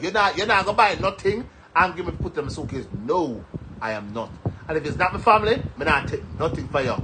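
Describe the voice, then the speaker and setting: A man's voice: fairly high pitch, lively intonation, fast talker, sharp tone, slight background noise, rough recording. A man from Jamaica with a Jamaican accent, chatting casually and animatedly on a live stream, rambling and laughing between stories.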